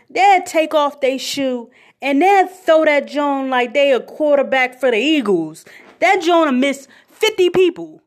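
A young woman hosting a podcast, telling comic stories in an animated, slangy, jokey way. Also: high-pitched. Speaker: podcast host. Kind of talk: comedic storytelling monologue.

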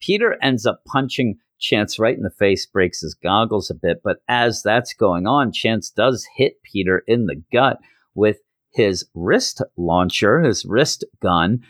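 Brief: a male podcast host with a low voice and a dry, close sound, recapping comics with animated storytelling. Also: measured pace, dry recording. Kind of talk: casual comic book recap.

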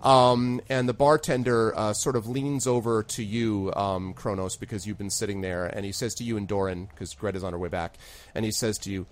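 Running an online tabletop game, this game master has a lowish voice and talks at a normal pace. He narrates loosely, sounding relaxed and hesitant, and uses lots of fillers.

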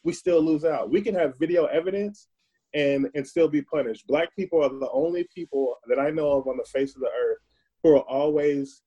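A man's voice: on the high side, moderate pace, dark tone, slightly rough, lo-fi sound. A man, a guest on a podcast, speaking earnestly and at length, often repeating words as he searches for what to say. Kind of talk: conversational, reflective monologue.

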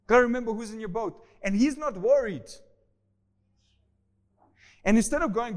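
High-voiced animated male preacher. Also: normal speed, long pauses. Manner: animated, acts out voices of the disciples and Jesus; swings between loud emphatic bursts and quiet asides. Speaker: pastor. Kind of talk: sermon.

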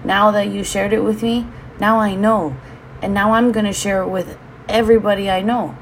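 A woman's voice: mid-range voice, steady tone, moderate pace, a little hiss or hum. A woman from Hawaii, hosting a casual solo podcast from home, talking candidly, swearing freely and drifting into side rants. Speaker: podcast host.

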